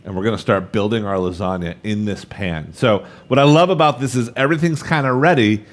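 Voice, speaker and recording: A man's voice: on the low side, fairly quick. A man in his thirties leading a live cooking demonstration, chatty and upbeat, talking straight to the viewers as he works. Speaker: cooking instructor.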